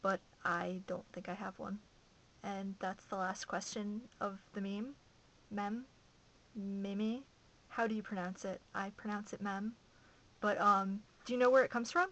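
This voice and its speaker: A woman's voice: mid-range voice, fairly even intonation, normal speed, a bit bright, poor audio. A young woman from Massachusetts vlogging casually to camera, rambling and chatty, with lots of "uh"s.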